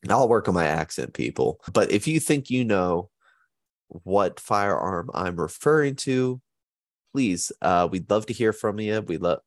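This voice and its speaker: A man hosting a podcast in a casual, chatty way, easygoing and quick to joke at his own expense. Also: deep voice, no room sound, clean studio sound. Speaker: podcast host.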